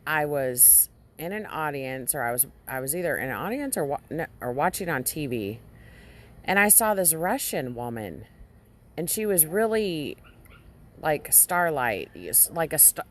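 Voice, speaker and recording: Slow, low-voiced halting woman. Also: a bit bright. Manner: halting, with frequent restarts and fillers. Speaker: Christian vlogger. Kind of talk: casual dream retelling.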